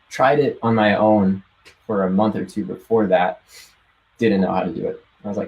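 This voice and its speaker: Young guy, lowish voice, excited and laughy, swears a lot, casual call chat. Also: brisk, poor audio. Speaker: guest sharing success story. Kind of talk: casual storytelling on a live call.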